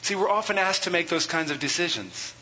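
A man's voice: fairly high pitch, lively intonation, a little fast, pushed and bright. A man teaching a church seminar on worship. He reads quotations aloud, explains them, asks the audience questions and has them repeat phrases, with dry jokes along the way. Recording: muffled hall recording with hiss.

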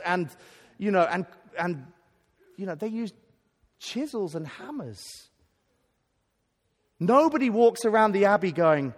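Earnest high-voiced male preacher in a hall. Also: animated, measured pace, long pauses. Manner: earnest and emphatic, stumbles and restarts words. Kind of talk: sermon at a conference. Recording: long hall reverb.

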